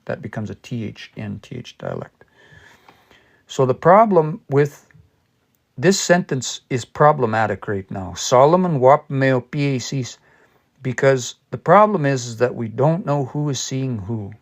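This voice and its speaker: A man's voice: mid-range voice, expressive, unhurried, vocal fry. A man leading a casual livestream language lesson. He thinks aloud and spells words out letter by letter while patiently working through examples. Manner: explains patiently with worked examples. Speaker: language learner teaching a livestream study session.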